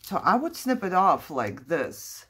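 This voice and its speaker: A woman's voice: on the low side, big pitch swings, measured pace, a bit bright, breathy edge. A middle-aged woman vlogging about her crafts, thinking aloud in a chatty, playfully dramatic way. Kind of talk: casual crafting chat.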